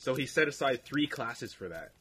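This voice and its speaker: A man's voice: medium pitch, animated, normal speed, fairly bright tone, slight background noise. A young man, still a student, chatting casually on a podcast in a laid-back, rambling way full of fillers. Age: young adult. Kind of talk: casual chat.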